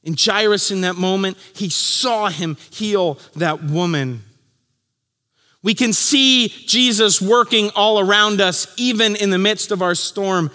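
A man preaching a sermon as pastor, telling the story vividly and dropping to a hush for key lines. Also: sits high, a little slow, big-room sound.

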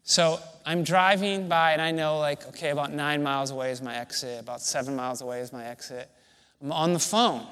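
Pastor telling a story in a reverberant hall. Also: male voice, on the high side, fairly quick, a bit bright. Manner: conversational storytelling, self-deprecating. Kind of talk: sermon.

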